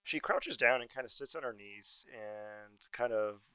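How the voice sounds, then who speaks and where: A man runs a tabletop game, narrating scenes in a loose, jokey way. His voice is smooth and crisp. The recording is dry and slightly dull. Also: lowish voice, unhurried, bright, forceful tone, no echo. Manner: laughs often, loose and jokey. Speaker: game master.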